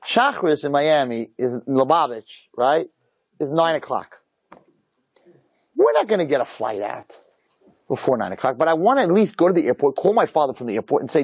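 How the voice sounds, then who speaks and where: A rabbi telling a personal story to an audience, with animated and emphatic delivery. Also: male voice, medium pitch, a little fast, slightly rough, no echo, muffled recording. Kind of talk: storytelling talk.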